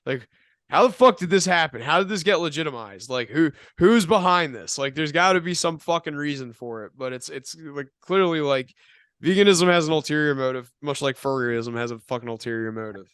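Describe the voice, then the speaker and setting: A man's voice: a little high, brisk, fairly bright tone, clear, resonant tone, no echo, clean studio sound. A young man co-hosting a casual podcast, rambling and swearing, with lots of filler words. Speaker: podcast co-host.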